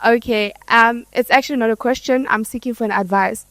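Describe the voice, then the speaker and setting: A woman's voice: on the high side, fairly even intonation, brisk, fairly bright tone, no echo, poor audio. A woman in the audience, a recent graduate, asking a hesitant question about her music career.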